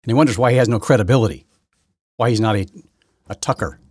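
A man's voice: on the low side, fast talker, darkish tone, slightly rough, dry recording, studio quality. A man hosting his own podcast, giving rambling, opinionated solo commentary full of restarts and repeated words. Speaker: podcast host.

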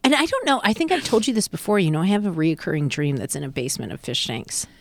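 A woman's voice: sits low, very animated, quick pace, no room sound. A woman, a mother, co-hosting a podcast in casual chat, swearing a lot and joking as she acts out quotes. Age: adult with a child. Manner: profane, jokey, acts out quotes. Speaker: podcast co-host.

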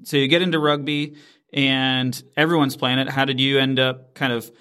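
A man's voice: medium pitch, flat delivery, moderate pace, sharp tone, clear, resonant tone. A man hosting a business podcast, welcoming his guest and asking loose, friendly questions. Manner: friendly, asks rambling questions with "you know". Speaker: podcast host.

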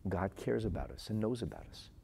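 A man's voice: fairly low pitch, very animated, brisk, gravelly, warm tone, a little hiss or hum. A man giving a spoken religious lesson, telling stories earnestly and often repeating his words. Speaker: Torah teacher.

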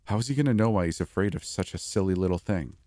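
Man doing a soft-spoken young father: deep, dry, calm and reassuring. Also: fast, no room sound, natural voice. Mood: doubtful. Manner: soothing, gentle.

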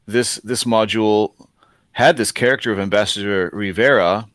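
Man, lowish voice, podcast game master, thoughtful, dead-dry sound. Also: normal speed, a bit bright, dry recording. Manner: thoughtful, with many restarts. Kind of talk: casual podcast discussion.

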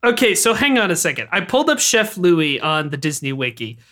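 Wry, bright-voiced woman podcaster. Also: lowish voice, fairly quick. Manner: wry, animated, laughs often. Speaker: podcast co-host. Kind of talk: casual movie recap chat.

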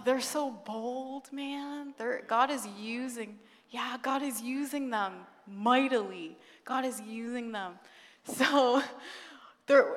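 Animated young woman telling a story in church. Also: fairly high pitch. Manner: animated storytelling, acts out quotes, laughs often. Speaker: guest speaker. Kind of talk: sermon testimony. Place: church sanctuary. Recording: long church hall reverb.

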